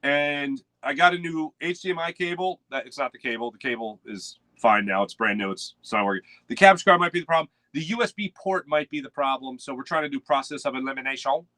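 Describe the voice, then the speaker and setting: Bright-voiced chatty sports show host. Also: male voice, mid-range voice, brisk, few pauses, dry recording. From United States. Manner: rambling, chatty, reads out chat names. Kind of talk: casual live morning sports show. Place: home studio with webcam.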